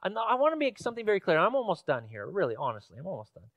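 High-voiced man preaching a conversational sermon. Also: wildly swooping pitch, very fast, no room sound, muffled recording. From Washington State, USA. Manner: conversational storytelling with fillers, rising to emphatic questions. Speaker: pastor. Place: church sanctuary.

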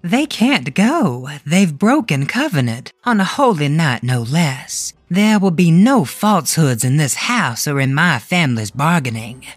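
A woman's voice: low-pitched, big pitch swings, measured pace, few pauses, no echo, voice pushed down, full character voice. A woman voicing an icy, genteel monster matriarch. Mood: menacing. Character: eerie old-fashioned female monster matriarch, calm and menacing.

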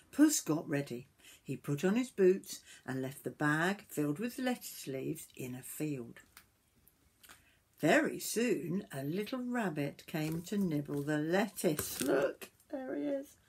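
An older woman reading a picture book aloud to children, gentle and stopping to point at the pictures. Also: low-pitched, slightly rough. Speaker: storyteller grandmother.

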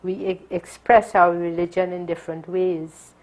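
A woman, a religious sister, calmly and deliberately teaching how to meditate. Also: lowish voice, poor audio. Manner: calm, slow and deliberate. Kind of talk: gentle meditation instruction.

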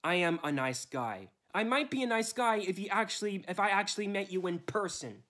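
Guy ranting, kinda whiny and hurt, keeps repeating himself, slightly high voice. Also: animated, fairly quick, pushed and bright. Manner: whiny, aggrieved, repetitive. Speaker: YouTuber being reviewed. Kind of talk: ranting video clips.

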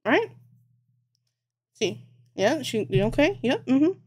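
A woman talks through her crochet project on a live stream. She thinks aloud, swears constantly and teases herself when she gets things wrong. Her voice sits a little high. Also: big pitch swings, takes it slowly, husky. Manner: thinks aloud, swears a lot, self-mocking. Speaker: livestreamer. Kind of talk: casual live-stream chat while crocheting.

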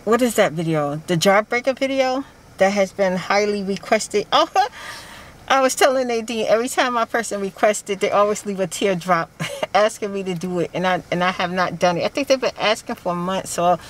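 A woman's voice: medium pitch, normal speed, poor audio. A woman chatting casually to her vlog audience from inside a car, rambling and laughing often. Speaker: vlogger.

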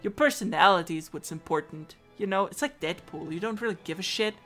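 Brief: woman let's player, bright voice, unhurried, faint game music underneath. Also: lowish voice. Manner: blunt, swearing, laughing asides. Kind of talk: casual game commentary.

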